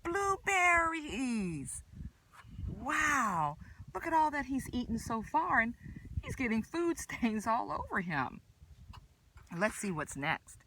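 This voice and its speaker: A children's librarian reading a picture book aloud at story time, in an animated, exaggerated sing-song way and asking the kids questions. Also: female voice, fairly high pitch, takes it slowly, slight background noise, low-quality recording.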